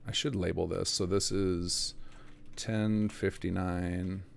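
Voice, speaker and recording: A man's voice: low voice, little pitch movement, slow, gravelly. A man streaming live as he works, thinking aloud and muttering to himself as he checks numbers. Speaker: game mod developer streaming. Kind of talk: live-streamed work commentary.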